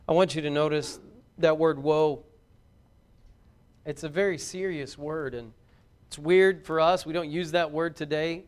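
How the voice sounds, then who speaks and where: A man preaching a sermon in a church, reading scripture and building to loud, fervent intensity. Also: fairly high pitch, fairly even intonation, unhurried, pauses often, clean tone. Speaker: pastor.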